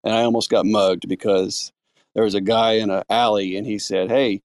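An American man quickly telling a story in a casual chat. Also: fairly low pitch, flat delivery, no echo, clean studio sound.

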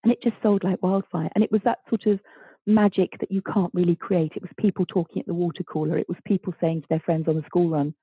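Husky bubbly woman on a thin line. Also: on the low side, quick pace, dry recording. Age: 50s. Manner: animated, bubbly, acts out quoted dialogue. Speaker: guest author. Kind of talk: interview storytelling. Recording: thin phone-like line, dry.

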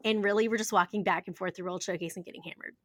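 A woman's voice: mid-range voice, fairly even intonation, very fast, fairly bright tone. A woman co-hosting a podcast in casual chat, chatty, laughing easily and restarting her sentences. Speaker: podcast co-host.

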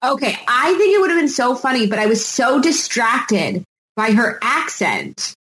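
A woman chatting casually on a podcast, rambling and animated as she tells a story. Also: a little high, moderate pace, echoey room, rough recording.

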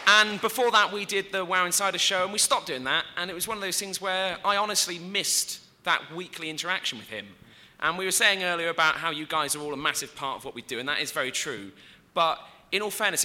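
A man's voice: sits high, brisk, bright, forceful tone. An English man co-hosting a live panel, chatty and self-mocking, rambling a little as he talks. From England. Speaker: podcast co-host on a panel.

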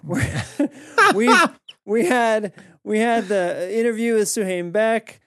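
A man co-hosting a podcast, playful and quick to jump in with remarks. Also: high voice, a bit bright, clear, resonant tone, dry recording, clean studio sound. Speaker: podcast co-host. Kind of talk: casual chat.

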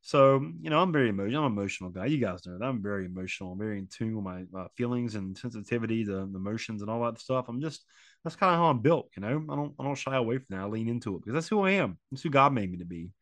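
A man's voice: fairly low pitch, expressive, rapid-fire, dry recording. Grieving man, earnest and repetitive. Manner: earnest, repeats phrases, many fillers. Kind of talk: emotional personal reflection on loss.

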